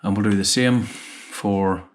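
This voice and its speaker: A man's voice: on the low side, fairly even intonation, takes it slowly. A man working as an AV installer, talking through each step of tuning a sound system as he goes. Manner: methodical, explains each step as he works. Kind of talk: casual narrated work vlog. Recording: long hall reverb.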